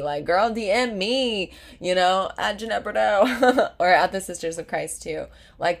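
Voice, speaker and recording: A young woman hosting a faith podcast, talking in an earnest, heartfelt and casual way with lots of fillers. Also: sits low. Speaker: podcast host. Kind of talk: faith-based podcast talk.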